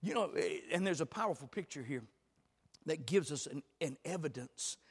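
A man preaching a sermon, dropping to hushed lines and then building to loud, shouted climaxes. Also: a little high, lively intonation, moderate pace, husky. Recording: long hall reverb.

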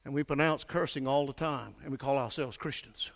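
An older man preaching a fervent sermon, swinging from hushed lines to shouted peaks and calling for answers from the congregation. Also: mid-range voice, brisk, creaky. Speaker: pastor. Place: church sanctuary. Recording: echoey church hall.

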